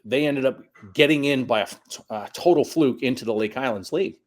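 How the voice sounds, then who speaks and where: Brief: middle-aged man, soccer coach guest, lively storyteller, swears casually, mid-pitched voice. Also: brisk. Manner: animated storyteller, acts out quotes, swears.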